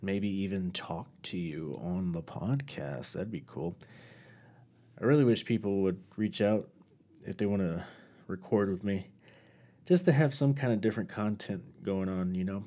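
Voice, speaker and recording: A man's voice: deep voice, unhurried, mellow. A man hosting his own podcast alone, chatting casually in a rambling, self-deprecating way. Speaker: podcast host. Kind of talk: casual solo podcast chat.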